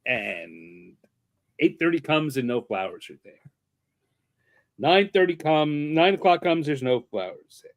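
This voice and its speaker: Man, guest storyteller; animated delivery, voices the quotes, sits a bit high. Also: unhurried, long pauses. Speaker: guest artist and podcaster. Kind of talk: anecdotal storytelling in conversation.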